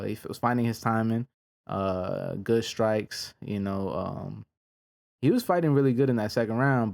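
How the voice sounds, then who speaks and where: A man casually reviewing fight results in a laid-back, slangy way, with frequent pauses. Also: on the low side, a little mellow. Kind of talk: casual reaction commentary.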